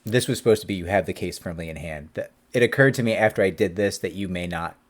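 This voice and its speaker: Animated, conversational man in his forties. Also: sits low, fast. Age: 40s. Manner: animated, conversational, acts out quotes. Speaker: employment attorney. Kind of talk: casual explanation to camera.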